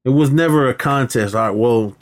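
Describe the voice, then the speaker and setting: A man co-hosting a movie podcast goes over scenes in casual chat, laughs frequently and raises his voice to act out the characters' lines. He talks a little fast with a medium pitch.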